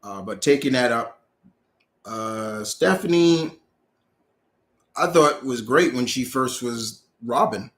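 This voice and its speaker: Man, casual live Q&A host, rambling, self-correcting, mid-pitch voice. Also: expressive, slow pace, pauses often, fairly bright tone. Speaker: host answering viewer questions.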